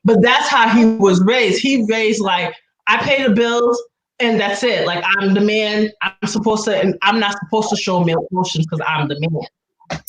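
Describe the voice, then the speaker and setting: A woman's voice: mid-range voice, moderate pace, echoey room, over music, low-quality recording. A woman in casual chat, rambling with frequent restarts and acting out what others said.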